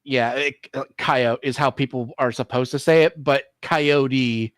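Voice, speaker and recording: A man's voice: mid-range voice, steady tone, unhurried, a bit bright, no room sound, studio quality. A man hosting a casual stream chat, rambling through stories with restarts and frequent swearing. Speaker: streamer host.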